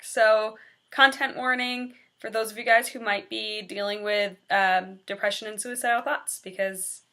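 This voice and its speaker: A young woman in her twenties speaks in a personal vlog confession, candid and earnest. Her voice sits a little high and sounds bright and sharp. She opens up in a plain, confessional way. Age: 20s. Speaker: teacher.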